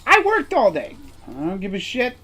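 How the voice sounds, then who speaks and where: This game streamer's voice sits high and swoops wildly in pitch, with a sharp tone at a moderate pace. He rambles candidly through a personal story, blunt and emphatic, with the odd swear word and a constant "right?" to check his audience is with him.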